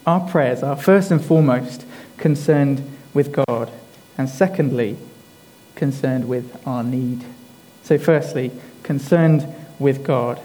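A man preaching a sermon in a deliberate, emphatic way, repeating his key phrases for weight. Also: medium pitch, warm tone, rough recording.

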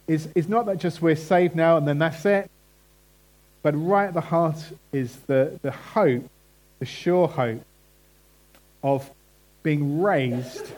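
A man preaches a chatty, conversational sermon, putting questions to the congregation as he goes. His voice is on the high side with a darkish tone, and the recording is rough.

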